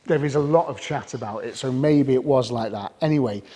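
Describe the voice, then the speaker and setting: A British man with a slightly husky voice gives a casual, candid car review. He talks in a chatty, unpolished way and restarts sentences mid-thought. His voice trails off into a long reverb. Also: mid-range voice, a little fast, mellow. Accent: British English. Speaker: car vlogger.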